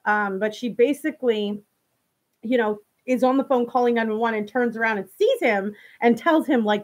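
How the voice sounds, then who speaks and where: A woman's voice: fairly high pitch, normal speed. A woman hosting a show, casually retelling a true-crime story to her viewers, full of "you know" and restarts. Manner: talks straight to viewers. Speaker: host.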